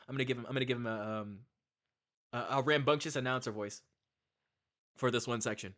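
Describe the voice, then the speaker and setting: A man's voice: medium pitch, brisk, long pauses, a bit bright. A man giving casual, rambling gameplay commentary, swearing freely and musing on life as he plays. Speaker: let's play streamer.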